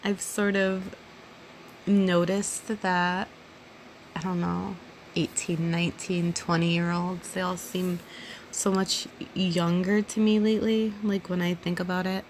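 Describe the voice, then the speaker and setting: A woman in her thirties who is openly drunk reads listener questions aloud and answers them at an unhurried, drawn-out pace. She giggles and rambles, and her voice often falls to a soft, almost whispered hush. A faint background hiss runs under the recording. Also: fairly low pitch, level tone. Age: 30s. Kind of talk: casual solo Q&A monologue.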